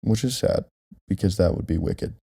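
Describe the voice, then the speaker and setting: A young man co-hosting a home podcast, his voice very low and gravelly with a dark tone. He rambles with plenty of fillers and pokes fun at himself. He sits close on a directional mic. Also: moderate pace, no room sound. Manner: rambling, self-deprecating, many fillers. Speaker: podcast co-host. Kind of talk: casual chat.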